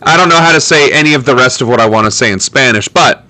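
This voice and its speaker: A man's voice: medium pitch, fast talker, pushed and bright, no room sound. A man hosting a political livestream in a sarcastic, joking, self-mocking way. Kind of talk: casual livestream commentary.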